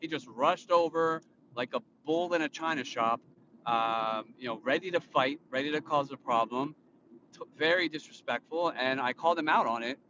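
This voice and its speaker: A man in his thirties talks into his phone from inside a car, rambling through a casual vlog with constant fillers and restarts. His tone is indignant and lecturing, like he is explaining how things should be done. The sound is somewhat muffled, and clear road noise runs underneath. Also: fairly high pitch, moderate pace. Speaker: vlogger and father. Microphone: phone filming himself. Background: vehicle noise.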